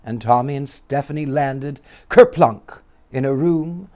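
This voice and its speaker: A man reading a children's story aloud with dramatic, lively delivery. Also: mid-range voice, measured pace.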